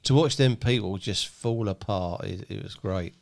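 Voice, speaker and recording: A man in casual podcast chat, telling anecdotes and jumping to high voices for quoted people. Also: normal speed, creaky. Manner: acts out quoted voices in a high pitch when telling stories. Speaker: podcast co-host. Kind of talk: casual chat, animated storytelling.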